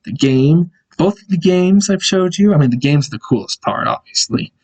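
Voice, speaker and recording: A man's voice: fairly high pitch, animated, normal speed, a little mellow. A young man casually walking through his old school projects on screen, rambling and correcting himself, with chuckling asides. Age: young adult. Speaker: video creator. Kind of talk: casual screen-share walkthrough.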